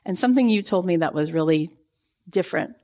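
A woman host giving a casual motivational talk, chatty and full of "like" and "right?", acting out her own reactions with big jumps in pitch. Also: animated, fast, darkish tone. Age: adult with a young daughter. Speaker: podcast host.

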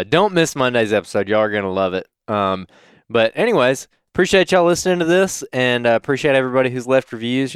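A man's voice: medium pitch, clean tone, dry recording, studio quality. A Southern man from Alabama co-hosting a casual podcast, teasing and good-natured. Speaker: podcast co-host.

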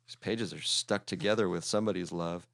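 A man's voice: sits low, steady tone, brisk, vocal fry, a bit bright. A man hosting a comedy podcast, reading a crude parody storybook with sardonic, profane asides.

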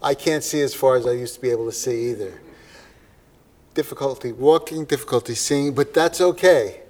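A man hosting a seminar panel, speaking in an earnest, measured way. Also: mid-range voice, darkish tone. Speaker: seminar host. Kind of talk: closing remarks at a seminar.

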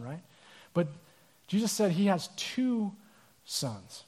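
A male pastor preaching a sermon in a casual, animated storytelling manner with asides. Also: fairly high pitch, a little slow, husky.

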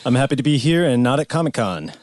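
A man serving as a podcast's announcer, dropping deadpan one-liners in casual chat. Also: medium pitch, fast, no echo, clean studio sound. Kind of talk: dry comic asides.

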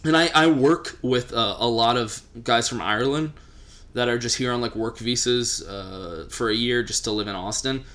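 A man's voice: medium pitch, normal speed, a bit bright. A young man from Texas with a Texan accent, co-hosting a casual chat and giving joking, opinionated takes with plenty of fillers. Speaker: podcast co-host.

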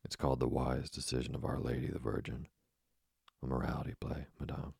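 A man voicing an eager, modest young male poet in an audiobook, with a deep husky voice and a calm, assured manner. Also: a little fast, no room sound, studio quality, exaggerated voice.

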